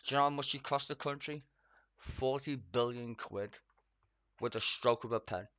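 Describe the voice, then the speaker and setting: A streamer delivering an angry, profane reaction rant at their computer, swearing constantly and breaking into loud outbursts. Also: mid-range voice, moderate pace, no echo, highs cut off. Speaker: streamer reacting to a debate clip. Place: at a home computer.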